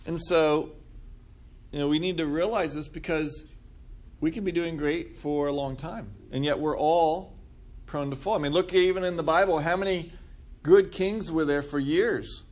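Male pastor, relaxed teaching sermon, asks the room questions, slightly high voice. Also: normal speed. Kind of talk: conversational sermon.

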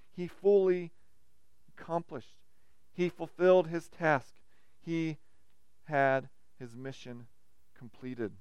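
Male pastor, sermon, high voice, smooth resonant tone, rising and falling emphasis. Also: dry recording.

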